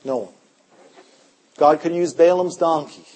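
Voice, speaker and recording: A man preaching a revival sermon, telling stories in an animated way, his voice swinging between loud and hushed. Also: a little high, unhurried, slightly rough. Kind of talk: storytelling sermon.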